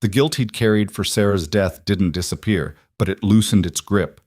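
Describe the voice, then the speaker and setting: Sex: man. Role: narrator. Style: scripted storybook narration. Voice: low and somewhat deep, close and dry, with no room sound. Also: moderate pace, darkish tone, no room sound.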